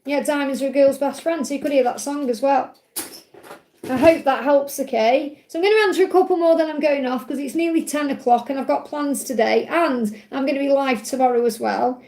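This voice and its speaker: A woman's voice: high-pitched, a little fast, darkish tone, roomy sound, slight background noise, low-quality recording. A woman hosting a live card-reading stream, chatty and reassuring, often checking "okay?" with her viewers. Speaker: tarot card reader and livestream host.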